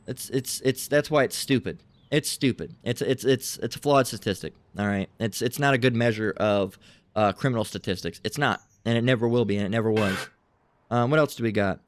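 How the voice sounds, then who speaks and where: A man's voice: medium pitch, a little fast. A man commentating and reading aloud in a combative way, repeating himself, swearing freely and keeping on asking "all right?". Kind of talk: heated commentary and bible reading.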